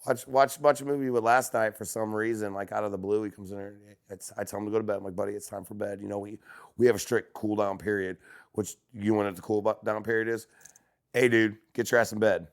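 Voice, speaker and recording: A man on a podcast as a guest, chatting casually and telling animated stories, acting out quotes. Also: fairly low pitch, quick pace. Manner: animated storyteller who acts out quotes.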